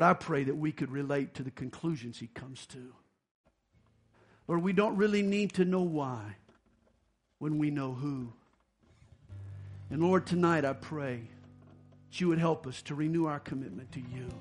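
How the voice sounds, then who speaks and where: A man preaching a sermon as pastor, urging the congregation to repeat a saying and then leading a closing prayer. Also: high-pitched. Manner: emphatic, rising to calls for congregation response.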